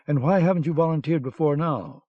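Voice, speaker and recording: A man's voice: on the high side, fairly quick, no room sound, lightly acted. Man voicing a barking German army lieutenant. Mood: interrogating. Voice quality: barking, commanding. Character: blustering German army lieutenant, male, middle-aged. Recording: dull lo-fi cassette audiobook.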